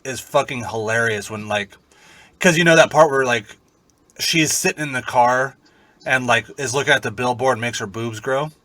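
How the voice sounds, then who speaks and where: A man co-hosting a podcast, chatting casually and telling animated, profane stories. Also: mid-range voice, moderate pace, dry recording. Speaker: podcast co-host. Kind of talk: casual chat.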